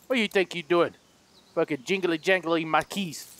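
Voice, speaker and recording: A man doing loud, goofy, excitable commentary as he plays a game, often laughing. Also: on the high side, normal speed, slight background noise. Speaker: let's play host. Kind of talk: gaming commentary.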